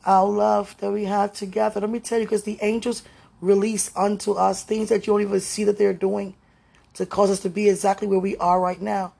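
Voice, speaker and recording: A woman's voice: medium pitch, flat delivery, brisk, vocal fry, warm tone, breathy edge. A woman speaking tenderly to her viewers in an emotional spiritual monologue, as if talking with God.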